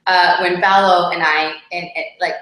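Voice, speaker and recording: Rozgadana kobieta w bardzo pogłosowym pokoju. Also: female voice, lowish voice, little pitch movement, normal speed, a bit bright. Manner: chatty, lots of "like" and "right?". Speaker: co-host. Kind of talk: casual couples chat. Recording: very echoey room.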